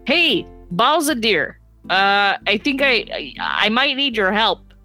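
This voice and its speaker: A woman's voice: medium pitch, very animated, takes it slowly, sharp tone, soft background music, full character voice. A woman voicing a chatty, friendly male devil who gossips about his coworkers in a tabletop game. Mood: chummy.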